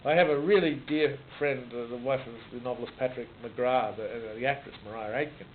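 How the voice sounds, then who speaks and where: Over a muffled, noisy line that sounds like a phone, a medium-pitched Australian author in his sixties speaks a little fast, reflecting conversationally on his writing with many restarts and repeated words.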